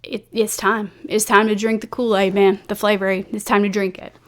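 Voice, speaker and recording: A man's voice: high voice, level tone, moderate pace, a bit bright. A woman voicing a manipulative middle-aged male cult preacher who gives drawling, bossy orders to his followers. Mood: commanding.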